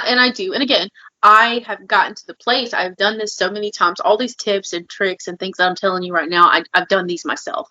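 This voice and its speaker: A woman co-host speaks candidly and with emotion about her own experiences, often dropping in a filler "like" as she goes. Her voice sits at an ordinary pitch for a woman. The recording is somewhat dull and lo-fi. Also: pushed and bright. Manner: open, emotional, heavy filler "like". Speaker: podcast co-host. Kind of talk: candid personal conversation.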